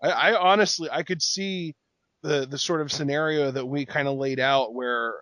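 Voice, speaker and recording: A man co-hosting a wrestling podcast, talking in quick excited bursts. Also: on the high side, dry recording. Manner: excitable, talks in bursts with restarts. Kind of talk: casual recap chat.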